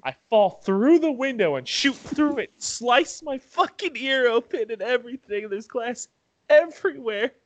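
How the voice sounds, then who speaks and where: In a laid-back podcast chat, a young male host spins stories with cursing and laughs, his voice jumping higher as he mimics his own fright. He sounds animated yet keeps a measured pace.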